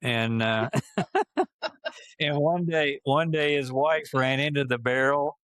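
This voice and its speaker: An older man from Georgia spins casual stories in a dry, close-sounding room, his pitch sitting right in the middle of a man's range. He often restarts and repeats phrases, and he chuckles as he goes along. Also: slow, fairly bright tone, clean tone, no echo. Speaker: podcast guest storyteller. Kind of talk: casual storytelling.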